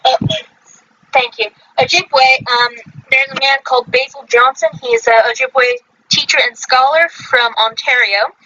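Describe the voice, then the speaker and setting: A woman's voice: high voice, unhurried, bright, forceful tone, dull audio. A woman hosting a casual livestream podcast, reading from her research notes and stumbling over unfamiliar names. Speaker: podcast host.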